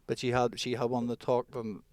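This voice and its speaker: A man's voice: mid-range voice, little pitch movement, fairly quick, no room sound, studio quality. A young man co-hosting a casual podcast chat, jokey and sweary, laughing a lot. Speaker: podcast co-host.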